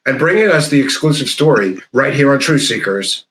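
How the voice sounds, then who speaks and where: A man's voice: medium pitch, expressive, brisk, a bit bright, reverberant, rough recording. A man hosting a podcast, putting on a theatrical, hammy mock news announcer voice. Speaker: podcast host.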